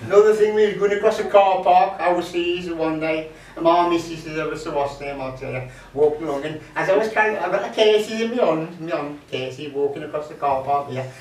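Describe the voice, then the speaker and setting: A man's voice: on the high side, a little fast, few pauses. Rambling man telling jokey tales. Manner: chatty, jokey, rambling with many fillers. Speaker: folk club performer. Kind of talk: rambling comic anecdotes. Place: folk club room. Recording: echoey room, mic from far off.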